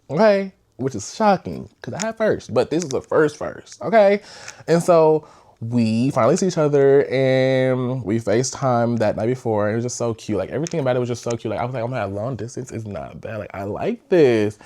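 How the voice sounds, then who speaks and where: A young man with a somewhat low voice hosts his own podcast and tells a personal story. His delivery is loose and chatty, full of fillers and animated asides. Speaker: podcast host. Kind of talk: casual storytime.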